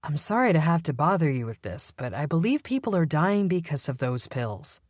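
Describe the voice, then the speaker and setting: A woman's voice: low voice, sing-song, moderate pace, darkish tone, no room sound, clean studio sound. A woman voicing a polite vampire cop. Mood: earnest. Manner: polite and apologetic. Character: guilty, earnest male vampire police captain. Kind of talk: audiobook character voice.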